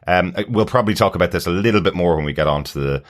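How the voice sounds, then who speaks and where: A man hosting a TV podcast, explaining his points at length in a relaxed, rambling way. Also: deep voice. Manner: explanatory, rambling, fills pauses with "um" and "uh". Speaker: podcast host. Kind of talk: casual chat.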